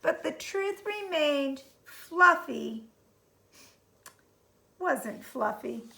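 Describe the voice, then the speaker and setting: A woman reading a children's storybook aloud in a gentle, expressive way, chuckling along. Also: high voice, very slow, creaky.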